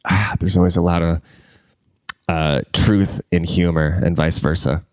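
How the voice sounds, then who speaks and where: A young man hosts a solo podcast, ranting casually in a deep, resonant, clear voice with fairly even intonation and a measured pace. He sounds congested, and his talk is crude and rambling, jumping between loud bursts and mutters. The recording has no room sound.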